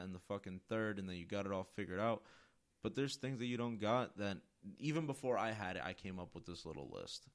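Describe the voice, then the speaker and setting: A man hosting his own podcast, talking in a loose, rambling monologue and swearing constantly for emphasis. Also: low voice. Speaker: podcast host. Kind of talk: casual monologue.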